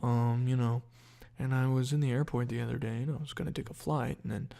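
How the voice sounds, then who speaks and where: A man's voice: medium pitch, flat delivery, fairly quick, gravelly, dark tone. A young man hosting a casual solo podcast outdoors, rambling and profane with lots of fillers. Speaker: podcast host.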